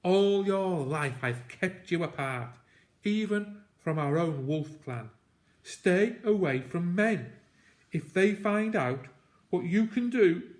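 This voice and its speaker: A man reading a storybook aloud, voicing a dying hunter father who speaks gravely in short, breathless phrases. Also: medium pitch, slow pace, natural voice. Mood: forceful.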